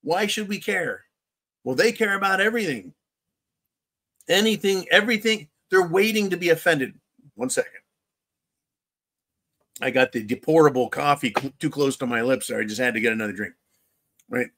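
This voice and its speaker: A man with a somewhat high voice hosts a casual political commentary livestream. He rambles and sounds sarcastic as he reads out viewer comments, chuckling and adding mocking asides. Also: expressive, moderate pace, pauses often, a bit bright. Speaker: livestream show host reading viewer chat.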